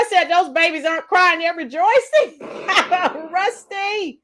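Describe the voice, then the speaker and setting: A woman's voice: very high-pitched, slow pace, fairly bright tone, slight background noise. A woman giving scornful, sarcastic reaction commentary on bodycam footage.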